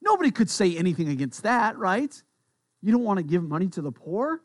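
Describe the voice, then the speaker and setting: A man preaching as a pastor in a conversational, playful way, repeating words as he works through a thought. His voice sits notably high for a man. The sound is dry and close, with no room around it. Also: very animated, a little fast, no room sound. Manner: repeats words while thinking aloud. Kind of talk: sermon.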